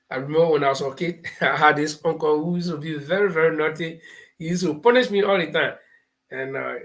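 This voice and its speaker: A man's voice: on the high side, fairly bright tone. A man with a Liberian English accent hosting a live talk show, giving political commentary and explaining points through homespun parables and stories. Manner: laughs while telling stories.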